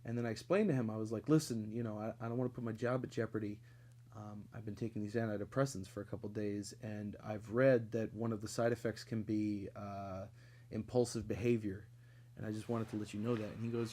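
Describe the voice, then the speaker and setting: A man's voice: mid-range voice, steady tone, normal speed, darkish tone. A young man telling a long comic story in a casual, rambling way, swearing often and leaning on lots of fillers. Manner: rambling, profane, with frequent fillers. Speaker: podcast storyteller.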